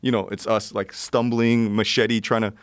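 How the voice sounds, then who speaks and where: A man in his forties telling a story in casual chat, animated and laughing often as he acts out the people in it. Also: lowish voice, normal speed, no room sound, studio quality. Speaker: podcast guest.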